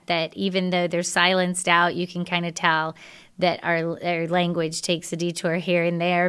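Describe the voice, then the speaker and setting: A woman's voice: lowish voice, a bit bright, clear, resonant tone. A woman from Texas with a Texas accent, hosting a podcast in a chatty, laughing manner. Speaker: podcast host. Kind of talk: casual interview.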